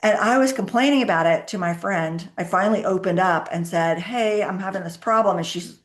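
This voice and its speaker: A woman's voice: mid-range voice, brisk. A middle-aged woman, a guest on a business podcast, answering questions with candid personal stories and acting out what people said. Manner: candid storytelling, acts out her own quoted dialogue. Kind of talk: conversational interview answers.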